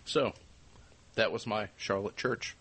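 An American man co-hosting a casual podcast, lively and laughing as he tries to do impressions of singers. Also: fairly low pitch, takes it slowly, husky. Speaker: podcast co-host.

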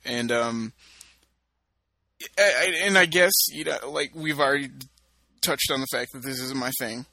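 A man's voice: mid-range voice, normal speed, pushed and bright, no room sound. A man co-hosting a casual podcast, telling self-mocking stories with lots of "you know" fillers. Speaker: podcast co-host. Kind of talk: casual chat.

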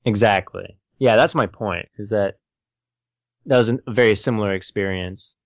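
A man's voice: lowish voice, moderate pace, no room sound. A man co-hosting a podcast in casual chat, dry and teasing. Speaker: podcast co-host. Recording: dull lo-fi sound.

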